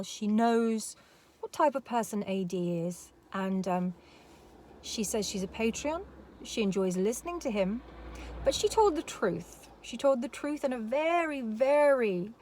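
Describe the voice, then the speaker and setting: A woman's voice: medium pitch, darkish tone. A woman giving a rambling casual commentary with emphatic repetitions. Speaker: commentary vlogger.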